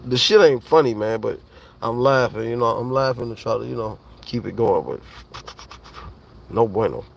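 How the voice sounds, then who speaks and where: A man's voice: lowish voice, moderate pace, gravelly. A man rambles through a casual livestream. He swears freely and keeps talking straight to his chat. The phone audio is dull and lo-fi, with a faint hiss behind it.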